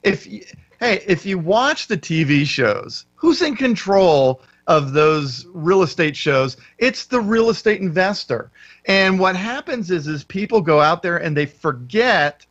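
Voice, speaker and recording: A man's voice: high-pitched, big pitch swings, a little slow, fairly bright tone. Sarcastic man co-hosting a radio show. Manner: sarcastic, stumbling, repeats words. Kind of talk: casual radio talk banter. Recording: dull lo-fi radio broadcast.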